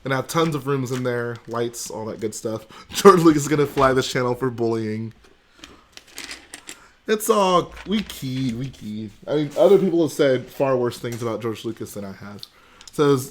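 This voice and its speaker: A man's voice: medium pitch, lively intonation, normal speed, a little hiss or hum. A young man hosting a casual livestream, joking and chatting with his viewers. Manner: joking, chatty, responds to chat. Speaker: livestream host.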